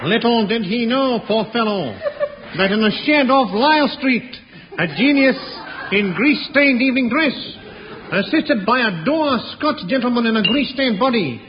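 A man's voice: very high-pitched, animated, normal speed, slight background noise. A man narrating as an announcer in a mock-grand style. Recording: lo-fi old radio recording.

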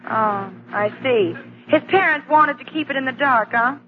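A woman's voice: high-pitched, moderate pace, slight background noise, close to an everyday voice. A woman playing a dry, sarcastic young dress model in 1940s radio comedy, on a muffled old broadcast.

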